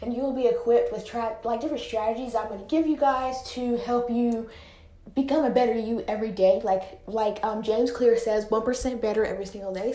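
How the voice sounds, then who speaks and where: A woman's voice: fairly high pitch, fairly quick, mellow, reverberant. A teenage girl hosting her own podcast, chatting casually with lots of filler words. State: slightly out of breath. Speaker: podcast host. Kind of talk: casual solo podcast chat. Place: home room, indoors.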